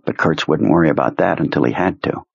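A man reading a novel aloud as an audiobook narrator, in a measured, dramatic way. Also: rumbling low, gravelly, breathy edge, no echo. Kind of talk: scripted narration. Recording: muffled lo-fi recording.

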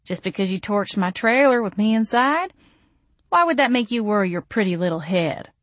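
A woman's voice: mid-range voice, lively intonation, moderate pace, dry recording, voice pushed up, natural voice. A sardonic male vampire , as a woman reads him in an audiobook. He mocks with a nasty, honeyed edge. Dry, close sound. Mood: sarcastic. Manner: mocking, sarcastic.

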